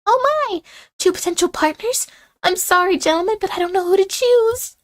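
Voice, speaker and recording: A woman voicing a flustered, excitable young woman student in a dating game, speaking in a dramatic, breathless way. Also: extremely high pitch, moderate pace, pitched above the performer's own voice.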